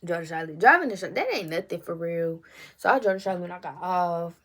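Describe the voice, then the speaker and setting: A young woman, telling a story in a casual vlog, animated and swearing often as she acts out the quotes. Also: on the low side, fast talker, noisy background. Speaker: storytime vlogger.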